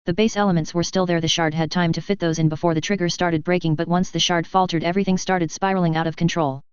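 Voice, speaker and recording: Smooth, dry audiobook narrator. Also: medium pitch, steady tone, quick pace, dry recording, highs cut off. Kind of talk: scripted fanfiction narration.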